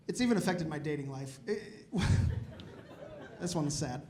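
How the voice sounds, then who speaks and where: A man in his thirties doing a stand-up comedy set in a comedy club, with animated, exasperated ranting that climbs to loud outbursts. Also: on the high side, slow, pauses often, crowd noise, background noise. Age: 30s.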